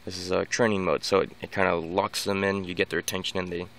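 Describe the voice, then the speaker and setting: A man's voice: low voice, flat delivery, quick pace, fairly bright tone, a little hiss or hum. A man talking casually in a vlog about training his dog, rambling with many restarts and repeated words. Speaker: dog owner giving training tips. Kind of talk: casual unscripted vlog monologue.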